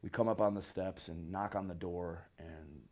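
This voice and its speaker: A man from northern Michigan, a bass player guesting on an interview, telling rambling stories in a laid-back, slangy way. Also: fairly even intonation, normal speed, darkish tone. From northern Michigan, USA. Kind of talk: casual storytelling interview.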